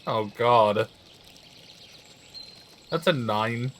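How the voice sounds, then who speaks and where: A man chatting casually as a player in a tabletop game, relaxed and joking. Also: medium pitch, extremely slow, a little hiss or hum. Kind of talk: casual play chat.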